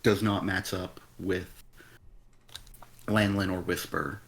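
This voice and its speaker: A man with a fairly low voice picks apart a comic on a live stream. He talks casually but bluntly, and his exasperation spills over into profanity. His criticism comes across as sharp and unimpressed. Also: flat delivery, slow, gravelly. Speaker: comic review stream co-host.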